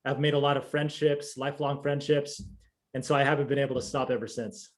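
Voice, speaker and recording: A man's voice: mid-range voice, level tone, fairly quick. A man competing in a speech contest, answering interview questions in a casual, playful way over a video call. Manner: playful, joking.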